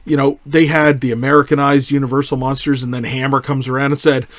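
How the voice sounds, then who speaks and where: A man's voice: medium pitch, quick pace, dry recording. A man hosting a casual movie podcast, talking loosely and with some swearing. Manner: loose, profane, animated delivery. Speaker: podcast host.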